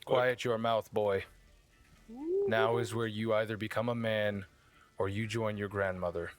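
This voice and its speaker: A man's voice: lowish voice, fairly even intonation, measured pace, lightly acted. A man voicing a fierce, battle-hardened knight commander giving a harsh war speech to his troops. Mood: stern.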